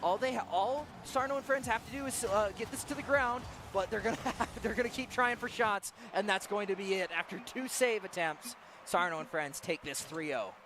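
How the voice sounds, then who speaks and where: A man doing play-by-play commentary on an esports match, excitable and quick to laugh. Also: noisy background. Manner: excitable, laughs often, shifts between hype and low chat. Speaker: esports caster.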